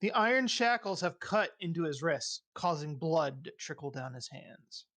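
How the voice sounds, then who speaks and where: Game master, casual halting narration at an even middle pitch. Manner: casual, halting, lots of fillers.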